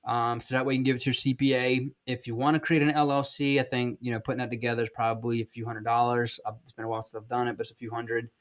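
A man's voice: mid-range voice, flat delivery, fast, hardly any pauses. A man in his thirties from South Georgia with a Southern accent, giving blunt, folksy advice in a casual podcast monologue. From South Georgia, USA. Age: 30s. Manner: blunt, folksy, emphatic, with many ums and restarts. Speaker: podcast host and sales trainer.

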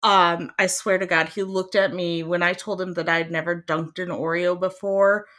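A young woman from Iowa chatting casually as a guest, animated and emphatic, often laughing. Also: on the low side, normal speed. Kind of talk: casual chat.

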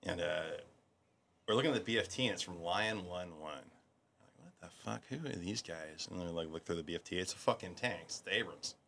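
Speaking low, fairly fast and with a creaky edge, a middle-aged military veteran swaps war stories as a podcast guest, over a faint hiss or hum. He swears freely and gets animated, putting on the voices of the people he quotes in this casual storytelling.

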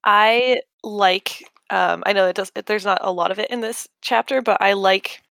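A woman co-hosting a casual book discussion podcast, speaking in a measured way and reading passages quietly. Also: mid-range voice, fairly even intonation, gravelly, no room sound. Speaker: podcast co-host.

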